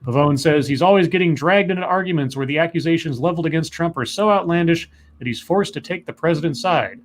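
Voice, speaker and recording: A man's voice: fairly high pitch, quick pace. A man co-hosting a casual livestream, reading news stories aloud and rambling on with chatty asides and fillers.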